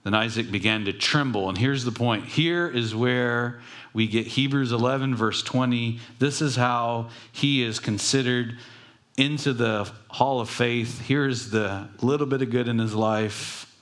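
A man's voice: medium pitch, unhurried, fairly bright tone. A man preaching a sermon in a casual storytelling style, with joking asides. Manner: conversational, jokey asides.

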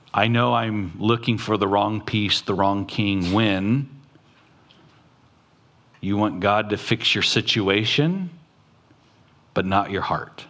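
A man preaching a sermon in an unhurried, measured way. His voice sits on the low side. He quotes scripture and then talks plainly to his listeners, with his voice lifting now and then. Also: a bit bright. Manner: preaching slowly, quoting scripture, with sudden rises in pitch. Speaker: pastor.

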